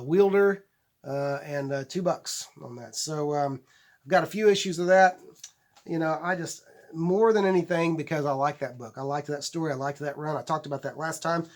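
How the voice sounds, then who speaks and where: Man, 50s, host, slightly raised pitch, rambling and halting, casual show-and-tell. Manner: rambling, halting, with many fillers and restarts. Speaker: comic collector and channel host.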